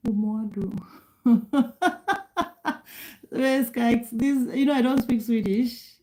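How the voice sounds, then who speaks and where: A middle-aged Kenyan woman chats casually on a live stream, reading viewer comments and answering them, laughing often and restarting her sentences. Her voice is on the high side with a warm tone, and the recording is rough.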